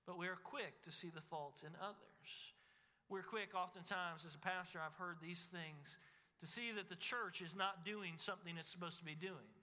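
A male pastor preaches with a high, sharply bright voice. He drives home his points with repeated phrases that swell and drop back. His words ring out into a long reverb that trails behind each line. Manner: preaching with emphatic repetition, rising and falling. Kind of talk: sermon.

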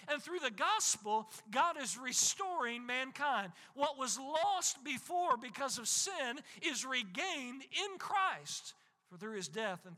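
High, bright-voiced preaching man. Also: big-room sound. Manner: impassioned preaching with emphatic repetition. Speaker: pastor. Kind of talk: sermon.

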